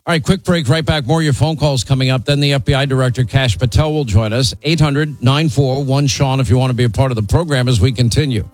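A man's voice: mid-range voice, fast talker, hardly any pauses, rough recording. A man hosting a call-in talk radio show, talking bluntly and conversationally and teasing his callers.

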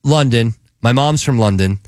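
A man hosting a sports betting show, talking picks in a chatty, enthusiastic way with halting restarts. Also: mid-range voice, no echo, clean studio sound. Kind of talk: casual sports betting chat.

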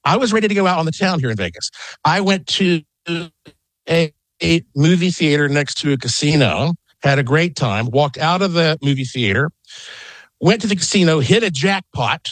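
A middle-aged man, a guest on a call-in radio interview, telling an excited, rambling story from his home. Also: a little high, moderate pace, dry recording. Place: home in Las Vegas.

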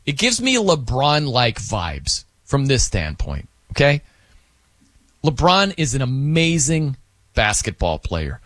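A man hosting a sports radio show, chatting casually and rambling with quick asides from a studio microphone. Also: medium pitch, huge pitch swings, a bit bright, no echo. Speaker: radio host.

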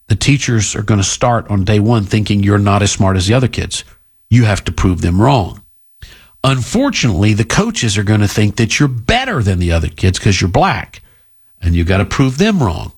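A man's voice: on the low side, husky. A middle-aged man hosting a talk radio show, delivering a blunt, combative, opinionated monologue.

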